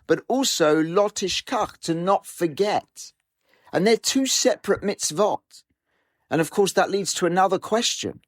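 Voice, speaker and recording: A man giving a Torah class who tells stories in an animated way and poses questions to his listeners. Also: a little high, dry recording, clean studio sound. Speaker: Torah teacher.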